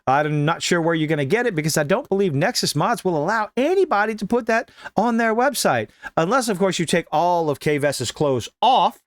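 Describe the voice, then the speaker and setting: A man's voice: high voice, expressive, brisk, few pauses, dry recording. A man reading a news article aloud and mocking it with sarcastic asides. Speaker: commentary host.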